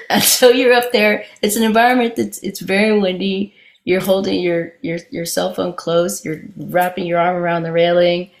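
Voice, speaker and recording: Gravelly low woman telling a story. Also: little pitch movement. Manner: halting and conversational, many restarts, laughs while telling. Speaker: meditation teacher. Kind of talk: informal dharma talk with storytelling.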